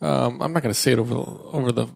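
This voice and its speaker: A man in his thirties talks in a relaxed, joking way while co-hosting a casual podcast. His voice is gravelly with a husky, slightly raspy edge. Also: medium pitch, rapid-fire. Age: 30s. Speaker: podcast co-host. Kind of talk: casual chat.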